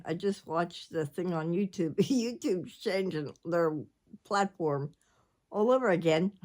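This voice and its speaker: Rambling chatty older woman. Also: lowish voice. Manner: rambling, chatty, jumps between subjects. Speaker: vlogger. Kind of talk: casual chat.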